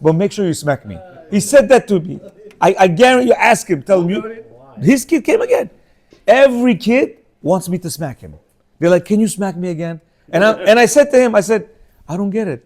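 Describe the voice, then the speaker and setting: A man in his fifties teaching an informal religious class, telling stories and acting out the dialogue. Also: on the high side. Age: 50s. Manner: animated storyteller, acts out dialogue in changing voices; asks listeners rhetorical questions.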